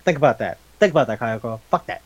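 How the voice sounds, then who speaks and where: A man's voice: medium pitch, animated, fast, lo-fi sound, close to an everyday voice. A man voicing a rude, grumpy male superhero who answers bluntly. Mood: annoyed.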